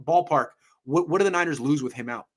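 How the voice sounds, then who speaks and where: A man with a fairly high voice hosts a casual sports podcast, talking fast. He's animated and jokey, often trailing off and starting over.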